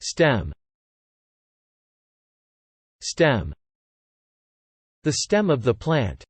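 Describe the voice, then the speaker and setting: A vocabulary narrator reads a word list for learners at a very slow, careful pace. Each word comes twice and then a short example phrase, with the pitch rising and falling widely. The voice is a little breathy and recorded close and dry. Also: wildly swooping pitch, no echo.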